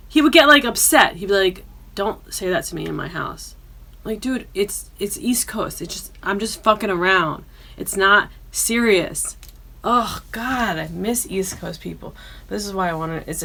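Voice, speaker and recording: A woman hosting her own podcast in casual chat, loud and profane, often bursting into yelling. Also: lowish voice. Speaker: podcast host.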